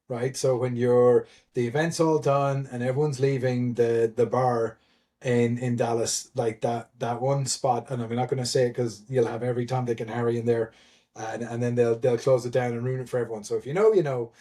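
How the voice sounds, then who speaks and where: A man's voice: mid-range voice, dark tone. Chatty male guest, mid-range voice, rambling storyteller full of restarts, casual swearing. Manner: rambling, many restarts and fillers; laughs often, swears casually. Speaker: guest, event admin.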